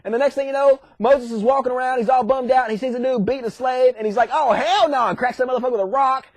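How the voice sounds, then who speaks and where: Sarcastic male comic narrator, very high voice, crude and mocking. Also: fairly even intonation, rapid-fire, dry recording. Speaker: comedy commentator. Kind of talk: profane comedic retelling.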